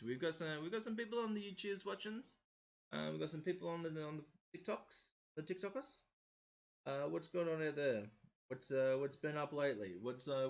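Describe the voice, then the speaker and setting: A man in his thirties with a slight Maori accent, mostly in his R's, chatting casually as the host of a painting livestream, rambling and chuckling as he goes. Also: on the high side. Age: 30s. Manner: rambling, self-correcting, chuckling often. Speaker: host of a miniature painting stream.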